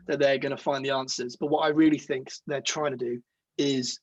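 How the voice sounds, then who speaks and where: A man's voice: on the high side, brisk, highs cut off. A man in casual podcast conversation, telling rambling stories and acting out the exchanges he quotes. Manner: rambling, animated storytelling, acts out quoted exchanges. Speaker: podcast guest, musician.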